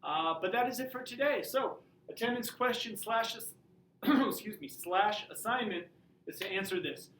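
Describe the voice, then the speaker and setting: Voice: mid-range voice, animated, moderate pace, fairly bright tone, far from the mic, a little hiss or hum. Chatty teacher in an echoey room. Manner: chatty, joking, informal. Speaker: high school teacher. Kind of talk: casual class video. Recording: roomy audio from away from the mic.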